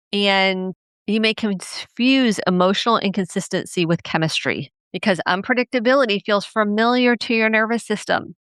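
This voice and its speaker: A woman's voice: fairly bright tone, clear, resonant tone, no room sound, studio quality. A middle-aged woman, a family therapist, hosting a solo podcast and talking earnestly and reflectively about family life. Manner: earnest, reflective, acts out quoted parents in a higher voice.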